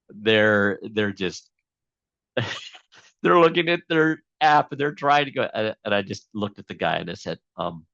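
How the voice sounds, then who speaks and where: A man's voice: lowish voice, fairly bright tone, no echo, highs cut off. A man being interviewed as a guest, telling a long story casually with many fillers and restarts.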